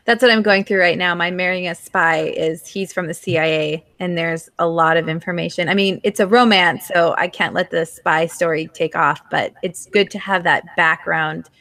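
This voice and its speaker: A woman's voice: lowish voice, steady tone, normal speed, hardly any pauses, pushed and bright, no echo. A woman host talking in a chatty, conversational way during a casual interview. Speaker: podcast host.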